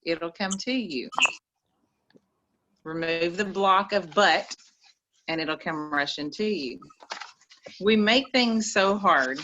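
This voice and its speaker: Folksy East Texas woman, bright and muffled. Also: on the low side. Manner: folksy, preachy, says y'all. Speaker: call participant giving advice. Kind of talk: motivational talk on a group call.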